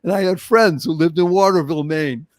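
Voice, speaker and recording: An older man from Boston with a Boston accent, hosting a motivational interview show with animated, emphatic storytelling. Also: a little high, normal speed, no room sound. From Boston, Massachusetts. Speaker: show host.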